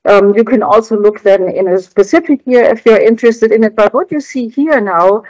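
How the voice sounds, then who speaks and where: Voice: medium pitch, moderate pace, darkish tone, dry recording, dull audio. Hesitant presenter explaining slides, dry sound. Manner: hesitant, searching for words, explanatory. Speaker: researcher presenting findings.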